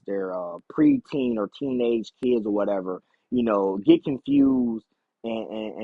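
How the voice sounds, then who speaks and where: A man delivers a blunt, profane rant in a husky voice, lecturing and circling back over his points. His pitch jumps around lively as he gets heated. The sound is dry and dull, like a lo-fi home recording. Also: no echo. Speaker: commentator.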